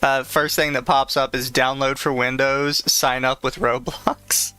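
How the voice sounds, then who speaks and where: A man's voice: mid-range voice, flat delivery, a little slow, bright, forceful tone, clean tone, no echo. A man co-hosting a podcast in casual chat, joking and laughing often over a remote call. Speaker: podcast co-host.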